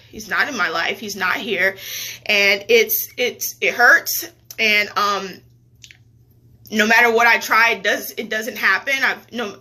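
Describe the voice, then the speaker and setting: A woman speaks in a bright, forward voice pitched a little high, confiding in her viewers through a personal video diary. Her delivery is earnest and halting, with emotional restarts. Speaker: lifestyle vlogger.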